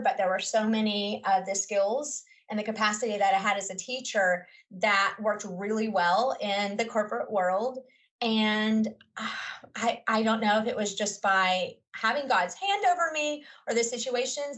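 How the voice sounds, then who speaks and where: A woman's voice: mid-range voice, a bit bright, recorded from a distance, poor audio. A woman in her forties, a teacher, telling her story in an earnest, heartfelt way with many fillers. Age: 40s. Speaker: teacher and guest. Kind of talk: personal story in a podcast conversation.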